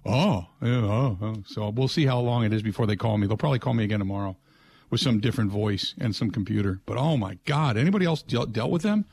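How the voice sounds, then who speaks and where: A man's voice: on the low side, quick pace, gravelly, husky. A man hosting a sports talk radio show, chatting casually and ranting in exasperation. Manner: exasperated, ranting, animated storytelling.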